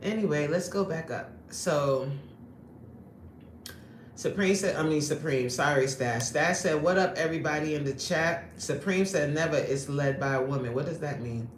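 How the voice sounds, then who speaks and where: A woman's voice: sits low, moderate pace. A woman fitness coach hosting a livestream, reading the chat aloud and joking brashly in streetwise slang. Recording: echoey room with faint ambient noise.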